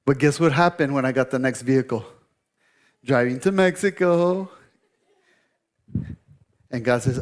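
A man's voice: medium pitch, unhurried, pauses often. A middle-aged male pastor preaching a sermon, telling a story in a conversational, joking way with asides to the congregation.

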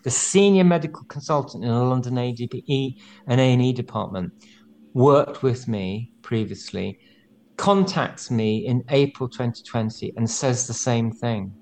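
A man in his sixties, a former nurse and researcher, speaking as an interview guest in an animated, insistent way, his voice rising as he gets worked up. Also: medium pitch, normal speed. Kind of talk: conversational interview.

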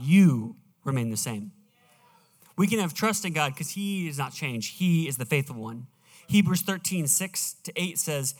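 A male pastor preaching a sermon, emphatic and slowing down as he reads scripture aloud in a church auditorium. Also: on the high side, a bit bright. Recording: reverberant hall, live church sound.

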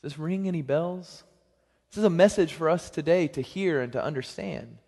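A young man preaching a sermon as pastor, in a conversational, joking manner with lively swings in pitch and loudness. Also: normal speed, vocal fry. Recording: long hall reverb.

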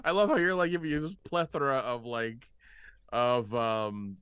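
Laughing man co-host, bright clear voice. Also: mid-range voice, fairly even intonation, a little slow, dry recording. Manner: laughing, stammering, crude joking. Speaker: podcast co-host. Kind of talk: casual chat.

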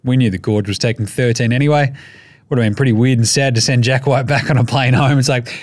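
A man's voice: mid-range voice, fairly even intonation, quick pace, dry recording. An Australian man hosting a casual sports podcast, talking in an irreverent, jokey and profane way. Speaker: podcast host.

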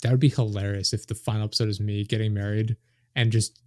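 A man's voice: lowish voice, steady tone, fast talker, darkish tone, no room sound. A man hosting a podcast, chatting casually with lots of fillers and self-deprecating jokes. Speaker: podcast host.

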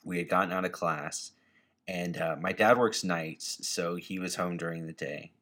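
A man on a podcast telling an animated personal story, swearing casually. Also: low voice, normal speed.

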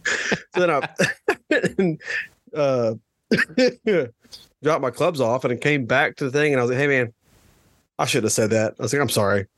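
A man's voice: medium pitch, animated, unhurried, long pauses, fairly bright tone, no echo. A man co-hosting a podcast, telling stories in a rambling, casual way and laughing often. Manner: rambling storyteller, laughs a lot. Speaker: podcast co-host. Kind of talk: casual chat.

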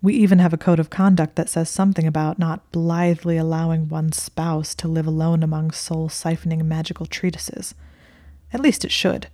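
A smug young wizard man with a smirking, needling way of talking, as a woman reading aloud puts him on. He rambles on in a fairly low, warm voice, dismissive and self-satisfied, recorded close and dry like an audiobook. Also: little pitch movement, normal speed, no echo, close to an everyday voice. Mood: rambling.

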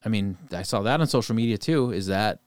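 Low-voiced man ranting heatedly. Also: expressive, a little fast, darkish tone, clear, resonant tone, no room sound. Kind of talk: casual political podcast chat.

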